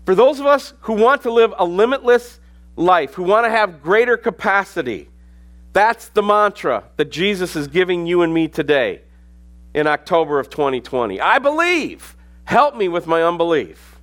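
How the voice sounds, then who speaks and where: A man's voice: high voice, expressive, normal speed. A middle-aged man preaching a sermon as pastor, reading scripture aloud and rising to sudden emphasis.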